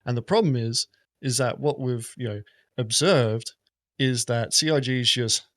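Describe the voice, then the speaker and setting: A man's voice: medium pitch, a little slow, no room sound, studio quality. A man, a gaming content creator, rambling and swearing in a casual podcast chat. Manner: rambling, profane, animated.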